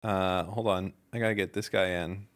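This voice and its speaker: A man's voice: deep voice, steady tone, moderate pace. A man co-hosting a podcast, bringing callers in and answering with loose, joking chat. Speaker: podcast co-host. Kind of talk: casual call-in chat.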